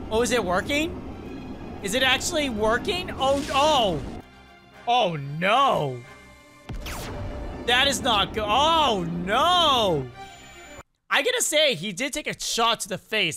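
Reaction host, excited commentary, bouncy animated pitch, exclamatory, talks to viewers.

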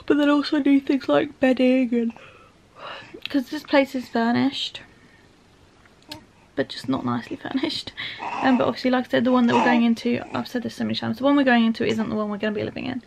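A woman's voice: on the high side, level tone, brisk, creaky, pauses often, slight background noise. A young woman in her twenties chatting casually at home in a vlog, emotional and laughing often. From England. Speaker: vlogger.

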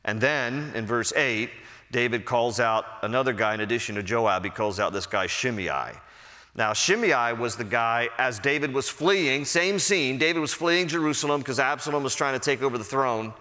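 A man, a pastor, giving a verse-by-verse Bible teaching in a conversational, animated storytelling manner. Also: mid-range voice, normal speed. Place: church sanctuary. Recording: long hall reverb.

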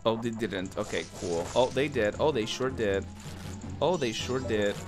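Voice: mid-range voice, unhurried. A streamer giving casual live commentary while playing a video game, exclaiming, laughing and swearing at the game. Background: game music.

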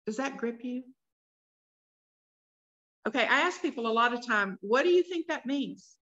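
A woman's voice: fairly high pitch, moderate pace, a bit bright. A woman leading a Bible study workshop, reading scripture aloud and stopping to put questions to the group. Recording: dull lo-fi recording.

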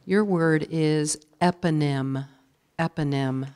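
A woman serving as a spelling bee pronouncer, reading words, definitions and sentences in a measured, formal way. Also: low voice. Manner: measured, even, repeats each word clearly. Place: school auditorium. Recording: long reverb of a large hall.

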